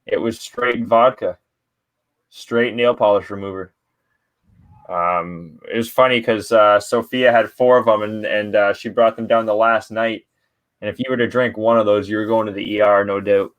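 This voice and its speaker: Man from Canada, podcast host, fairly low voice, laid-back and profane, laughs a lot. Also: steady tone, moderate pace. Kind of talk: casual chat.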